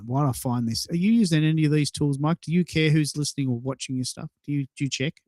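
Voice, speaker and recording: A man's voice: on the high side, fast, darkish tone, no echo. A man co-hosting a podcast, talking casually and enthusiastically, often repeating and restarting words. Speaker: podcast co-host. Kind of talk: casual chat.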